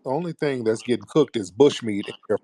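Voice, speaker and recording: A man's voice: mid-range voice, a little fast, warm tone, no echo, studio quality. A man hosting a heated call-in debate, mocking and combative, talking over his caller. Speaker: host.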